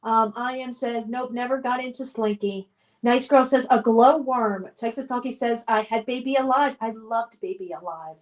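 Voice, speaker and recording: High-voiced woman streamer reading chat. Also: normal speed. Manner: reads viewer comments aloud and chats back; nostalgic and upbeat, with frequent fillers. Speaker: live streamer. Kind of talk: casual live-stream chat.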